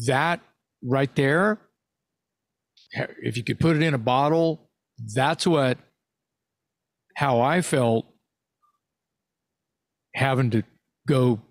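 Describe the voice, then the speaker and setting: A man co-hosting a podcast, chatting in a relaxed way and swearing casually. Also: medium pitch, slow, pauses often, dry recording, clean studio sound. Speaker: podcast co-host. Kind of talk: casual interview chat.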